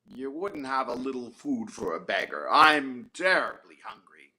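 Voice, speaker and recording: A man's voice: mid-range voice, very animated, a little slow, sharp tone, voice pushed down, exaggerated voice. A man doing a polite, wheedling little beggar. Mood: polite pleading. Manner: hesitant, stammering, wheedling. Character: hungry, polite, wily male wandering beggar.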